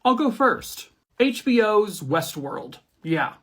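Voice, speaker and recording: A man with a fairly high voice hosts a casual movie and TV review chat. He talks in an enthusiastic, conversational way and keeps a playful edge. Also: big pitch swings, slow, fairly bright tone. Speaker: host.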